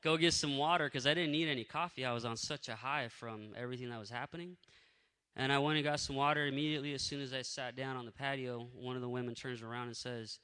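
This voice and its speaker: A man telling a faith testimony in a lively, casual way, acting out what people said. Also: mid-range voice, fast, clear, resonant tone, in a large hall. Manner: energetic, animated storyteller who acts out what people said. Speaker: speaker sharing a faith testimony.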